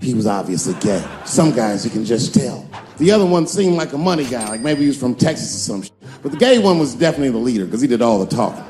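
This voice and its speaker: A man telling stand-up stories, animated and switching into shrill voices for the characters he quotes. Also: fast talker. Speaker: stand-up comedian. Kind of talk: stand-up storytelling.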